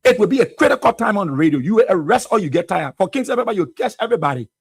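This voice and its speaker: A man's voice: high voice, sing-song, very fast, gravelly, husky, no room sound. A Liberian man hosting a radio talk show, delivering fiery political commentary full of rhetorical questions. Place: radio studio.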